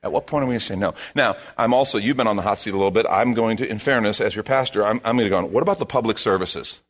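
A man preaching a sermon as a pastor, in an animated, conversational way, repeating his key phrases. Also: fairly low pitch, racing.

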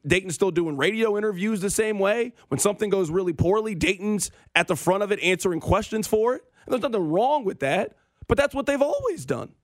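A man's voice: sits high, no room sound. A man hosting a sports radio show, ranting with opinions and dry sarcasm.

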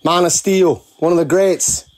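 A man's voice: high-pitched, steady tone, a little slow, darkish tone. A man from England, leaving a chatty, blokey call-in message in short clipped phrases. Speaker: caller.

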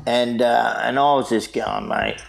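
Aussie guy, middle-aged, gravelly voice, laughing storyteller, swears casually. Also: mid-range voice, steady tone, a little slow, poor audio. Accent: Australian. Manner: laughing, swearing, mate-heavy yarn-telling. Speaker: guest lifeguard.

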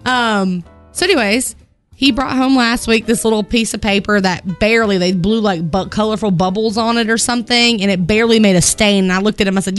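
A woman radio morning show host telling a story and reading announcements in an expressive, laughing way, her voice rising when she gets excited. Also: medium pitch, brisk, faint music behind. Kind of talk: chatty on-air storytelling and announcements.

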